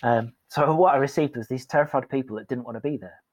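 A man's voice: mid-range voice, fast talker, slight background noise, rough recording. A man telling a candid, self-deprecating story as a guest in a casual podcast interview. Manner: candid and self-deprecating, acts out quoted voices.

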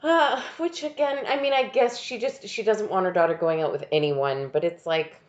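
A woman co-hosting a casual podcast chat, giggly and animated, acting out lines from a TV episode. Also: mid-range voice, normal speed, muffled recording. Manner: giggly, animated, acts out quotes in voices. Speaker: podcast co-host.

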